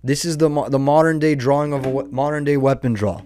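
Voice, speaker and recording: A man's voice: medium pitch, fairly even intonation, quick pace, hardly any pauses, mellow, no echo. A young man hosting a podcast, telling a story in a rambling, profane, slangy way. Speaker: podcast host. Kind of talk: casual storytelling monologue.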